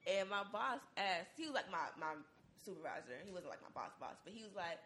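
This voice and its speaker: A woman in a casual group chat, an animated storyteller. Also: mid-range voice, fairly quick, a little hiss or hum.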